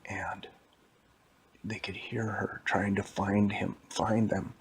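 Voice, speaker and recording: A man telling an improvised bedtime story to a child, in a hushed, half-whispered voice. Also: fairly low pitch, level tone, slow pace, husky.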